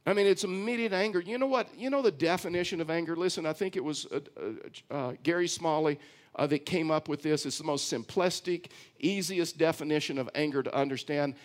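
A male pastor preaches in an emphatic, repetitive style, reading a passage and then unpacking it for the congregation. His voice sits a little higher than most men's. He keeps pulling the listeners back in with short calls for attention. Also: a little fast. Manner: emphatic preaching, repeats phrases, often says "listen"; reads scripture aloud, then comments on it. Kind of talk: sermon.

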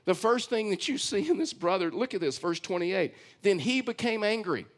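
A male pastor preaches in an emphatic, repetitive style, reading a passage and then unpacking it for the congregation. His voice sits a little higher than most men's. He keeps pulling the listeners back in with short calls for attention. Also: animated, normal speed. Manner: emphatic preaching, repeats phrases, often says "listen"; reads scripture aloud, then comments on it. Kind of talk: sermon.

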